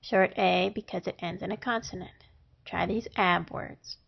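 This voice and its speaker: A woman teaching a phonics lesson, sounding out syllables and words one at a time with long pauses between them. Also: lowish voice, steady tone, creaky. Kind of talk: slow, deliberate phonics lesson. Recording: dull lo-fi recording.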